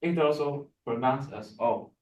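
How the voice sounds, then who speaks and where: A man's voice: mid-range voice, darkish tone, lo-fi sound. A man teaching a Hebrew lesson, repeating words and stopping to explain. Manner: slow, repeats words, pauses a recording to explain. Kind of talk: classroom lesson.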